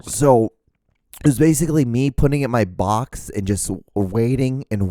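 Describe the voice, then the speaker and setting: A man's voice: mid-range voice, normal speed, no room sound, studio quality. Breathless, jittery man rambling to camera. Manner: excited, jittery, rambling with many fillers and restarts. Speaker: host. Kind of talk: casual solo podcast rambling. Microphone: camera mic, speaking to camera.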